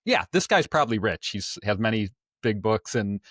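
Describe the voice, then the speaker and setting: A man's voice: on the low side, big pitch swings, normal speed, fairly bright tone, no echo, clean studio sound. A man co-hosting a podcast in casual chat, talking loosely and laughing often. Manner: chatty, laughs often, loose filler-heavy talk. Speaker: podcast co-host.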